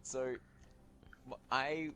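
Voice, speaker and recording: A man's voice: medium pitch, steady tone, pushed and bright, slight background noise, rough recording. A man on a stream telling a story to his friends, hesitant and full of filler words. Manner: hesitant, halting, lots of "like". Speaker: guest on the stream.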